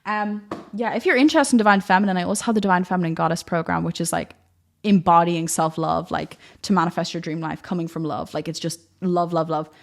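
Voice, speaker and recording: A woman's voice: fairly low pitch, fairly even intonation, fast talker, vocal fry. Gushing young woman coach, a bit breathless. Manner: gushing, effusive, uses "like" often. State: slightly out of breath, voice tiring. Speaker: manifestation coach. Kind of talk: enthusiastic spiritual pep talk.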